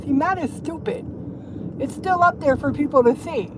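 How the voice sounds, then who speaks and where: A woman with a high-pitched voice livestreams casually from her car as she drives, gossiping at a normal speed. She swears, rambles and laughs along the way. Road noise can be heard behind her.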